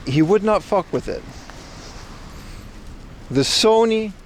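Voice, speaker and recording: High-voiced man rambling on a street stream. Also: animated, slow pace, a little hiss or hum. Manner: rambling, opinionated, reads and answers chat. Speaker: IRL livestreamer. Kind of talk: casual walking livestream chat. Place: outdoors on city streets.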